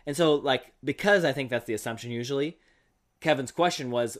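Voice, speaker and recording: A man's voice: mid-range voice, brisk. A man co-hosting a casual Christian podcast, explaining ideas step by step and checking in with "right?". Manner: explanatory, asks "right?" often. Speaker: podcast co-host. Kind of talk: casual faith discussion.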